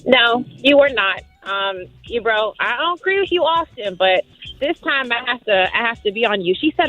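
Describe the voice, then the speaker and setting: A woman's voice: fairly high pitch, expressive, normal speed, no room sound, faint music behind. Frank woman caller on a dull line. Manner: frank, opinionated.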